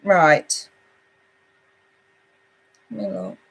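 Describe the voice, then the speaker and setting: A woman's voice: medium pitch, drawn-out words, vocal fry, breathy edge. A chatty woman hosting a live tarot reading. She talks casually and affectionately to her viewers, calling them babe and sweetheart as she reads out their comments. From United Kingdom. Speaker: tarot reader hosting a livestream. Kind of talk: casual livestream chat.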